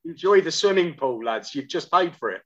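A man's voice: a little high, lively intonation, brisk, highs cut off. A man as a podcast guest, telling casual anecdotes with quoted asides. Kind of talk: casual chat.

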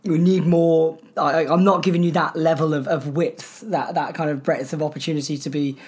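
A woman's voice: low-pitched, brisk. A woman co-hosting a podcast, chatting casually with frequent laughter and playful rants. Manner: laughing, ranting, animated. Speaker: podcast co-host. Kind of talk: casual chat.

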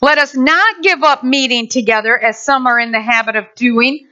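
Lively high-voiced woman pastor preaching. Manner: animated, acts out quick voices. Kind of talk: sermon. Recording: dull lo-fi sound.

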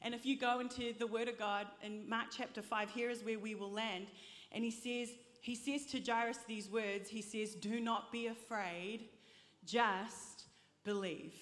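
A woman's voice: fairly high pitch, flat delivery, moderate pace, fairly bright tone. A woman preacher delivering an impassioned sermon to a congregation in a large church hall, urging them to repeat after her. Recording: long reverb of a large hall.

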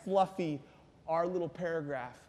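High-voiced preacher in a reverberant hall. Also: male voice, measured pace. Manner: dramatic, swings from hushed to intense. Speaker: pastor. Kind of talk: sermon.

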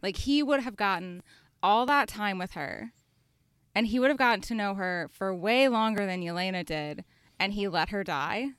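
A woman's voice: medium pitch, normal speed, a bit bright, clean tone, dry recording, studio quality. A woman co-hosting a podcast, chatting casually and thinking aloud, with many filler words. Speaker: podcast co-host. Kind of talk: casual chat.

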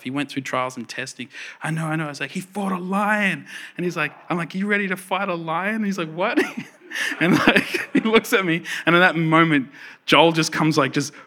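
A male pastor in his thirties preaching a sermon, telling a story in an animated way and laughing often. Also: high voice.

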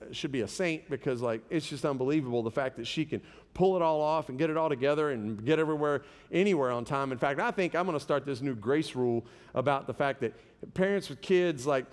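Man preaching in a reverberant hall. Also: on the high side. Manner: conversational, storytelling with humor. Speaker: pastor. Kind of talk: sermon.

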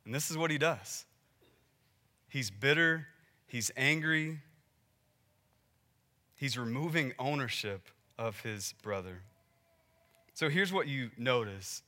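A man preaching a sermon in a conversational way, building to emphatic peaks and dropping to quiet, pointed asides. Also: mid-range voice. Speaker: pastor.

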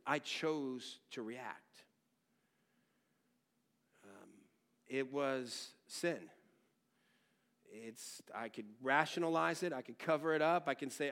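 A middle-aged man preaching a sermon. He swings from loud, emphatic teaching to hushed, personal storytelling, and speaks frankly with many restarts. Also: mid-range voice, slow, pauses often. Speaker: pastor.

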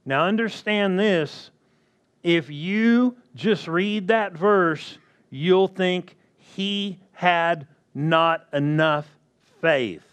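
A man preaching a sermon slowly and emphatically, often asking the congregation questions. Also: sits high, a bit bright, clear, resonant tone.

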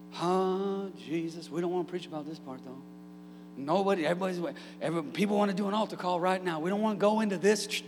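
A man preaching a sermon as pastor, energetic with humorous asides and building to shouted peaks. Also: high voice, in a large hall. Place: church sanctuary.

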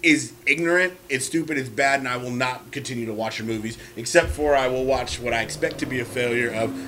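A man's voice: medium pitch, a little fast, background noise. A man co-hosting a casual chat, talking in an earnest, emphatic way with hesitant fillers.

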